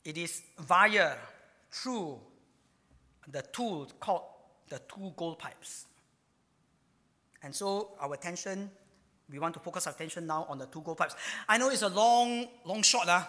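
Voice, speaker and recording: A man with a high-pitched voice preaches a sermon, his words trailing off into a long reverb tail. He tells stories animatedly, poses rhetorical questions, and uses lots of fillers.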